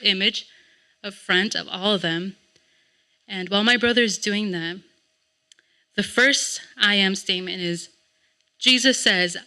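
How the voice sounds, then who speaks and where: A woman's voice: medium pitch, pushed and bright. A woman leading a church Bible lesson, earnest and full of rhetorical questions. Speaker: Sabbath school teacher.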